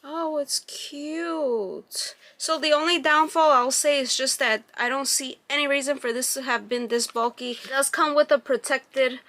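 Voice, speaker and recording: This vlogger's high-pitched voice stays steady and sharp as she moves at a normal speed with hardly any pauses. She's giving a casual review of a beauty box, reading labels aloud and gushing about how things are packaged.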